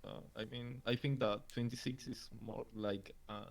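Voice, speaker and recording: A man's voice: mid-range voice, fairly even intonation, moderate pace, gravelly. A man on a trading panel giving hedged, analytical opinions in casual talk, with frequent restarts. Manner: hedging, analytical, stumbles on restarts. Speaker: trader on a discussion panel. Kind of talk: casual group discussion.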